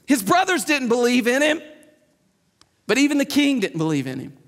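A man's voice: very high voice, sing-song, normal speed, fairly bright tone. A man preaching a sermon in an emphatic, conversational way, repeating his key points. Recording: long hall reverb.

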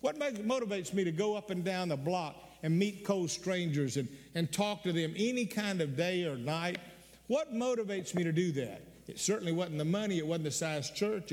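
Older male pastor, fairly high voice, earnest storytelling sermon, long hall reverb. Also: darkish tone. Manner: earnest storytelling with repeated words and sudden emphatic rises.

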